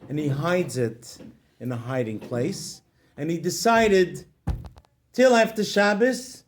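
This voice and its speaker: A man, a rabbi, telling a story with moral lessons in an expressive way, speaking directly to listeners. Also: a little high.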